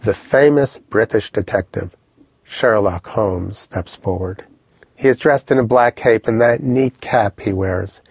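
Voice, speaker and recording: A man teaching an audio language lesson, explaining with lively, vivid storytelling and direct instructions. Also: fairly low pitch, a little slow, breathy edge, no echo, clean studio sound.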